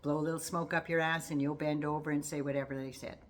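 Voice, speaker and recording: An older woman with a low voice talks casually about politics. She is folksy and sassy, and she teases as she goes. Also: flat delivery, fast talker. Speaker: political commentary vlogger.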